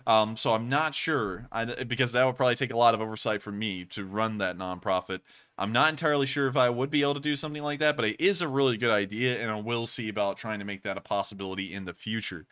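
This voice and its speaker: Bright-voiced excitable male streamer. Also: mid-range voice, quick pace, clear, resonant tone. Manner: animated, excitable, rambling with fillers. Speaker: livestream host answering donations. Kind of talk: casual livestream chat.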